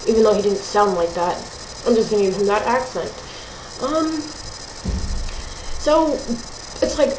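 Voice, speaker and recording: A woman's voice: medium pitch, animated, normal speed, pauses often, a little mellow. A teenage girl telling a ranting story at home, chatty and exasperated, with lots of "like" and "um". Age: teens. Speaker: vlogger. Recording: roomy echo, faint hiss.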